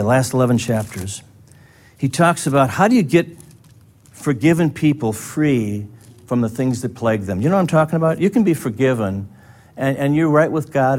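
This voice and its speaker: A man's voice: medium pitch, a little mellow. A man preaching a sermon as pastor, in a conversational way, acting out short bits of dialogue. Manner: conversational, acts out little dialogues.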